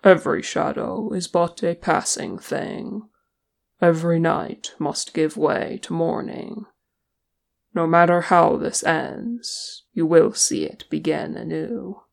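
A reader voicing a gentle, wise fatherly maker god who speaks softly and reassuringly. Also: medium pitch, slow pace, creaky. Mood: tender.

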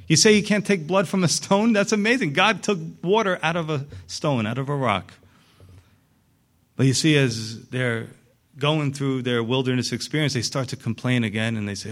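A man preaching a sermon, animated, acting out the voices in the story with big swings in pitch. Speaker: pastor.

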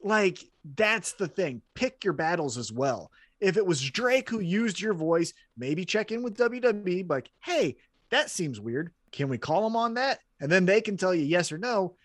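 A man's voice: sits high, normal speed, dry recording. A man co-hosting a wrestling podcast in casual chat, blunt and swearing freely as he tells stories. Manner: blunt, swears, animated storytelling.

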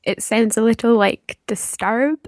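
A woman's voice: a little high, a little slow, a little mellow, dry recording, clean studio sound. A woman learning a language, answering tentatively and guessing words as questions.

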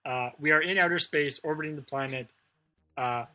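A man's voice: on the high side, moderate pace, pushed and bright, low-quality recording. A man co-hosting a casual podcast chat, telling rambling stories full of fillers. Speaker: podcast co-host.

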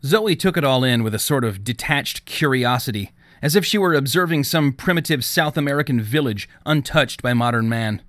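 A man reading an audiobook in scripted narration, with a steady, even storytelling manner on a close studio mic. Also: medium pitch, moderate pace, no room sound.

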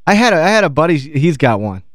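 A man with a somewhat high voice co-hosts a talk-radio show, arguing his points fast and with emphasis. His pitch swings widely as he talks. The sound is dry and close to the mic. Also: big pitch swings, no echo. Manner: argumentative, quick, emphatic. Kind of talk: casual talk-radio banter.

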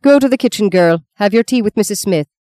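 A woman's voice: lowish voice, expressive, normal speed, mellow, smooth, close to an everyday voice. A woman voicing a scheming, sardonic old woman who speaks curtly and mockingly. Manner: mocking, curt, taunting.

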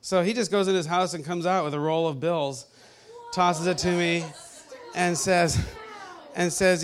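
A man casually telling a personal faith story, animated and often laughing as he acts out what people said. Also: a little high, normal speed.

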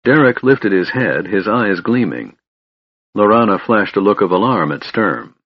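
A man narrating a fantasy audiobook in a steady, even reading voice. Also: fairly low pitch, unhurried, husky, no room sound, highs cut off.

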